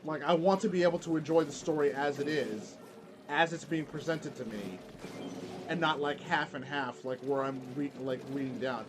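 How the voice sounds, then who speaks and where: A man's voice: a little high, normal speed, background noise. Rambly man streaming while gaming. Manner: rambling, heavy "like" fillers and restarts. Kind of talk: casual chat while gaming.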